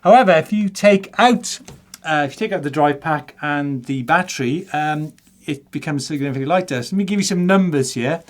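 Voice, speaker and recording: A man's voice: fairly high pitch, a little fast. A middle-aged man hosting a studio chat show, joking and reading out viewer comments. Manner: jokey, reads out viewer comments. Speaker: show host.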